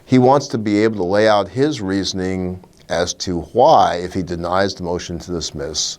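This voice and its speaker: A man with a low voice gives solo legal commentary. He talks in a wry, animated way, dropping in short laughs and fillers as he picks apart the news. He sounds middle-aged. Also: normal speed.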